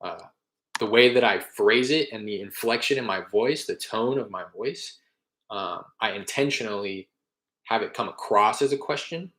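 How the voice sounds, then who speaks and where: A man's voice: on the low side, moderate pace, fairly bright tone, echoey room. A young man in casual talk, explaining his real estate cold-calling method between live calls, rambling a little as he goes.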